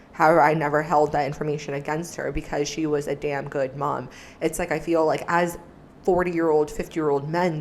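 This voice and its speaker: Earnest, low-voiced woman commentator. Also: a little hiss or hum. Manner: earnest, reflective, soft-spoken asides. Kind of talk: reaction commentary.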